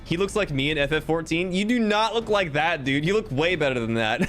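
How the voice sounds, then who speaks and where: Animated, jokey male game streamer. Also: a little high, moderate pace, faint music behind. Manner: animated, jokey, crude asides. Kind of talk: casual let's-play commentary.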